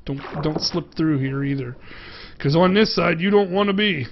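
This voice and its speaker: A man's voice: a little high, moderate pace, creaky, muffled recording, background noise. A man with a Pittsburgh accent giving casual gameplay commentary as a game reviewer, chatting playfully to the animals he passes.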